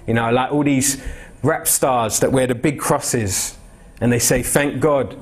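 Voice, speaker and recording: A man's voice: mid-range voice, measured pace. A young man preaching an expository sermon in a church, talking to the congregation in a conversational, direct way and putting questions to them. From England. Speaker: pastor.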